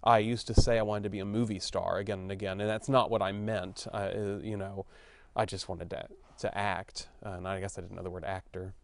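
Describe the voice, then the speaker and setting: This Texan actor in his thirties speaks low and gravelly, with little pitch movement and a fairly quick pace. Answering interview questions with a slight Texan accent, he's candid and conversational, full of fillers and restarts as he thinks.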